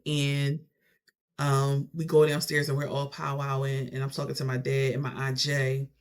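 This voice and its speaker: A young adult vlogger telling a family story in a casual, animated way. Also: mid-range voice, normal speed, clean tone. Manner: animated, conversational retelling.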